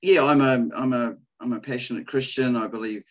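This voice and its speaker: A man's voice: medium pitch, steady tone, brisk, highs cut off. A man, a school principal, speaking thoughtfully and with hesitation in a podcast interview. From New Zealand. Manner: thoughtful, hesitant, many fillers.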